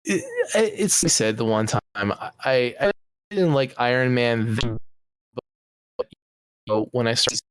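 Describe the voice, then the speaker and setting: A man's voice: mid-range voice, takes it slowly, long pauses, clean tone, dry recording. A man co-hosting a comedy podcast, chatting casually in an easygoing, rambling way with chuckles. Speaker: podcast co-host.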